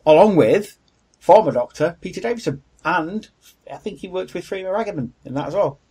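A man's voice: sits high, lively intonation, a little fast, warm tone, slightly rough. A man co-hosting a podcast, chatting casually, candid and jokey with blunt opinions. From Wales. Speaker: podcast co-host. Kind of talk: casual chat.

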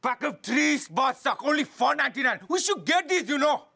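An actor playing an eccentric male psychic in a comedy sketch, talking in broken English with excitable, crude patter. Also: very high voice, brisk, gravelly, exaggerated voice. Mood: manic. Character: eccentric male spoon-bending psychic impression.

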